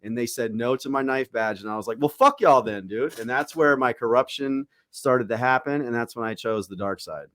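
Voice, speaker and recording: A man hosting a podcast, telling stories in a loose, profane, animated way and acting out the people in them. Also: medium pitch, fairly quick, few pauses. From Tampa, Florida. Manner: profane, animated storytelling with acted quotes. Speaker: podcast host. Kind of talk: casual storytelling chat.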